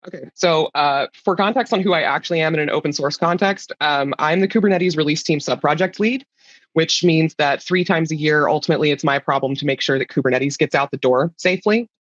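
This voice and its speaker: A woman's voice: deep voice, fairly quick, no room sound, muffled recording. A woman giving a casual, chatty talk as a guest speaker, informal and laid-back, sometimes swearing.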